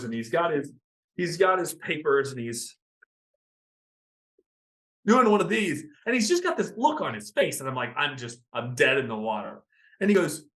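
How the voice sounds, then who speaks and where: A man in his thirties, a podcast guest telling his story in an interview, animated and acting out the people he quotes. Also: fairly high pitch. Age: 30s. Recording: roomy echo.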